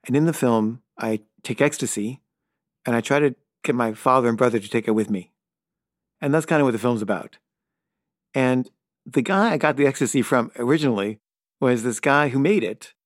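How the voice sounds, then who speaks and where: A middle-aged man tells a story off the cuff at an ordinary, mid-range pitch. His talk wanders, packed with "like" and "kinda", and he stumbles over his own words when flustered. The sound is close and dry, with no room around it. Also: normal speed, no echo. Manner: loose and rambling, full of "like" and "kinda"; stammers and repeats himself when flustered. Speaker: filmmaker. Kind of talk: casual spoken anecdote.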